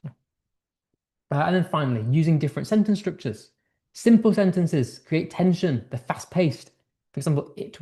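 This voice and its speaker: A man's voice: on the high side, animated, moderate pace, dark tone. A young British man teaching an English writing lesson in a chatty way, full of fillers and acted-out example lines. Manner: conversational, many fillers and restarts, acts out example tones. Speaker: English tutor.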